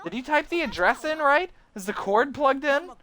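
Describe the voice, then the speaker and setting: A streamer doing a shrill panicky schoolgirl. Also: lively intonation, normal speed. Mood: demanding. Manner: loud, shrill, accusing. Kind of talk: voicing game dialogue on a live stream.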